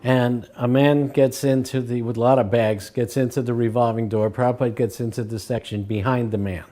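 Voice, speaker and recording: An older man recalling his spiritual teacher in a relaxed storytelling way, acting out the voices in his stories. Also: medium pitch, fairly quick. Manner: acts out quoted voices, chuckles between stories. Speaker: devotee recalling memories. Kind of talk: anecdotal storytelling.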